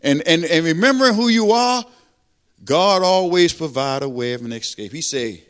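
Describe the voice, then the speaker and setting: An older man preaching a testimony sermon, animated, swelling louder on praise lines. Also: fairly high pitch, moderate pace, clear, resonant tone. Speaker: lay preacher.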